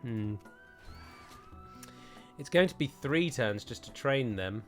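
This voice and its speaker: A man's voice: medium pitch, animated, takes it slowly, soft background music. A man playing a strategy game and commenting as he goes, chatty and thinking aloud with frequent digressions. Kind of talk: let's play commentary.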